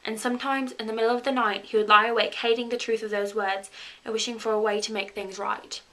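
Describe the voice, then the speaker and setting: Bright woman in a put-on British accent. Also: on the high side, little pitch movement, fast, rough recording. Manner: chatty and giggly, self-mocking. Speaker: vlogger. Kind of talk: reading a novel aloud on camera.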